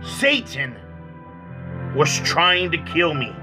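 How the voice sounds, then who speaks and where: A man, an evangelist, telling his personal testimony in a halting way, often repeating words. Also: on the high side, very animated, over music, poor audio. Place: small church.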